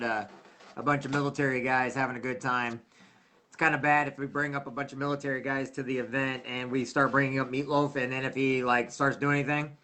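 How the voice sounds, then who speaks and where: A middle-aged man hosts a loose, casual livestream. He rambles and hunts for words out loud. His voice is bright and forceful. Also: mid-range voice. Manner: rambling, loses his train of thought. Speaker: livestream host.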